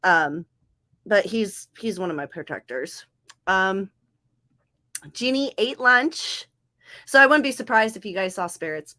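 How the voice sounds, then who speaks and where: With a bright, forceful, mid-range voice, she speaks at a measured pace with long pauses. She's a young woman from Southern California hosting a writing-sprint livestream, rambling casually, correcting herself, and addressing chat members by name.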